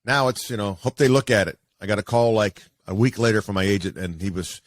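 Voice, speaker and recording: A man, a sportscaster, telling stories casually as an interview guest in an animated way with many fillers. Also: lowish voice, brisk, no room sound. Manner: animated, acts out quoted voices, many fillers.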